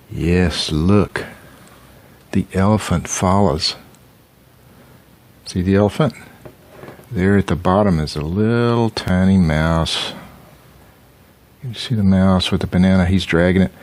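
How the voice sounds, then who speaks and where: A man's voice: low-pitched, a little mellow. An older grandfather reading a picture book aloud, stopping to ask the child about the pictures.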